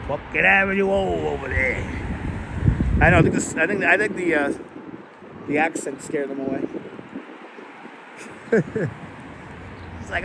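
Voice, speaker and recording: A man hosts a casual walking live stream and chats easily with viewers and the animals he passes. His voice sits high, and he talks through a clip-on mic. Clear street traffic and wind noise surround him outdoors. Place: outdoors on a city street at sunset. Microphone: wireless clip-on mic.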